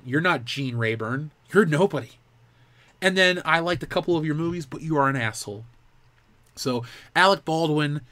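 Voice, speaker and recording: A man's voice: mid-range voice, fairly bright tone, no echo. Dry-voiced man ranting on a live show. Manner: heated, profane, ranting. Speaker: host of a live pop culture show. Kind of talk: live-stream commentary rant.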